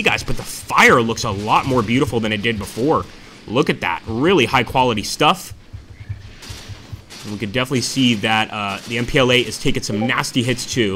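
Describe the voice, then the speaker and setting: A man's voice: medium pitch, pushed and bright. Eager man commentating a war game. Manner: enthusiastic, keeps addressing viewers as guys. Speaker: gameplay commentator. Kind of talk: let's-play commentary.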